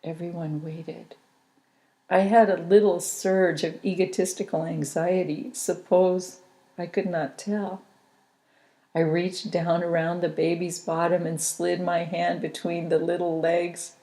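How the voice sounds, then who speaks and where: A woman reading her own memoir aloud as an audiobook, in a slow, intimate, reflective manner. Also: on the low side, level tone, dark tone.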